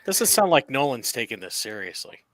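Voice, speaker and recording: A man's voice: mid-range voice, sing-song, a little fast, a bit bright, dry recording. A man joking around in a casual group chat with a jokey, teasing manner. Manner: jokey, puts on a mock accent.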